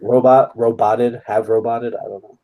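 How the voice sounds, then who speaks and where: A man's voice: medium pitch, steady tone, moderate pace, highs cut off. A man co-hosting a podcast, chatting casually in a joking, playful way. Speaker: podcast co-host. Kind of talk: casual chat.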